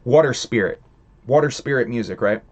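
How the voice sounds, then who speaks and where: A man's voice: mid-range voice, brisk, dull audio. A man hosting a casual livestream, rambling profanely and chatting with viewers in the chat. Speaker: livestream host reading chat.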